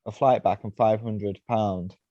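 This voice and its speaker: A man's voice: lowish voice, steady tone, unhurried, no room sound, lo-fi sound. A man being interviewed on a podcast, telling long, rambling stories and leaning on "you know" and "right?" as he goes. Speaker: podcast guest, mountainboarder. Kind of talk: casual storytelling.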